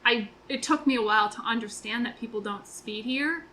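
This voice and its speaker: A woman co-hosting a podcast in casual chat, animated and quick to laugh. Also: fairly high pitch, slight background noise, low-quality recording. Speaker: podcast co-host.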